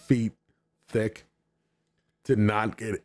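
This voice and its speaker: Male podcast guest, low mellow voice, laughs mid-sentence, halting, dry close sound. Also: little pitch movement, no room sound. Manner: laughing, halting, lots of fillers. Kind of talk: casual podcast chat.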